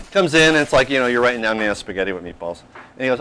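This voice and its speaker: Animated storytelling chef in his fifties. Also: medium pitch, very fast, a little hiss or hum, rough recording. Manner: animated anecdotal, plays out quotes. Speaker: chef and restaurant owner. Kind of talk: casual storytelling interview.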